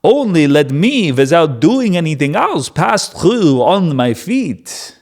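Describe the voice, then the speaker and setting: A man's voice: fairly high pitch, big pitch swings, slow pace, pitched above the performer's own voice, full character voice. A man voicing a younger Israelite man with a Yiddish accent, earnest and bargaining.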